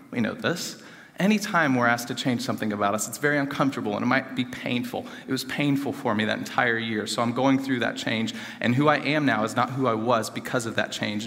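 Young man testifying in a reverberant hall. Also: mid-range voice. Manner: earnest, rambling with many fillers, swings from animated to hushed. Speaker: student speaker giving a testimony. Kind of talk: personal testimony sermon.

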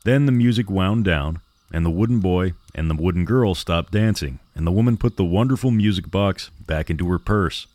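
A man narrating a horror story for a podcast in a measured, steady way. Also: low voice, dry recording.

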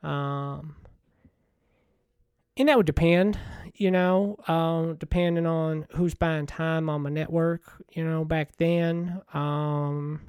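A man in a rambling comedic monologue as a washed-up TV money-show host, folksy, meandering and deadpan. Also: fairly high pitch, slow pace, clear, resonant tone, dry recording, clean studio sound.

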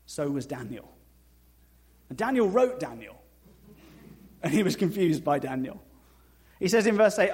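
A man preaching a sermon in a conversational way with dry humor, dropping to slow, soft emphasis and rising to loud, high asides. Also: very animated. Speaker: pastor.

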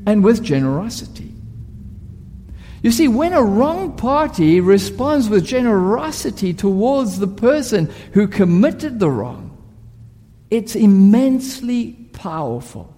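Male preacher, sermon, high and animated voice, slow deliberate delivery, vivid storytelling, long hall reverb. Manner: storytelling, vivid, rhetorical questions.

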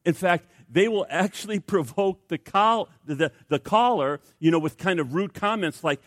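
A man preaching a sermon in a joking, conversational way, with a lot of "you know" and restarts. His voice sits a little high for a man, and the sound is close and dry. He talks like a pastor easing his congregation toward a point. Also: animated, moderate pace, few pauses, dry recording. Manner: conversational and humorous, with many fillers and restarts.

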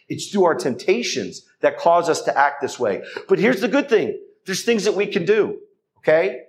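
A man's voice: fairly high pitch, sing-song, a little slow. A man giving an earnest testimony to a men's gathering in a church hall, speaking straight to the men and urging them on. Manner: earnest, exhorting, addresses the men directly. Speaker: speaker at a Catholic men's event.

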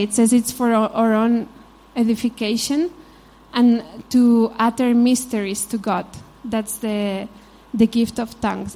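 Spanish-accented woman giving a mellow sermon. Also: a little high. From Spain. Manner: informal, frequent "you know", storytelling asides. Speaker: Bible teacher. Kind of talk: conversational sermon.

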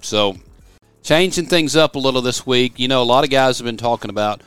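A man's voice: medium pitch, brisk, fairly bright tone, clean tone, dry recording, faint music behind. A middle-aged man from West Tennessee, hosting a podcast in a studio office, rambling and folksy as he tells stories. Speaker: podcast host. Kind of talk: casual podcast chat.

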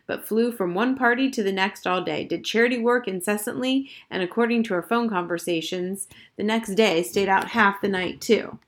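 A woman narrating a children's novel aloud in a clear, measured storytelling manner. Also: mid-range voice. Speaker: audiobook reader.

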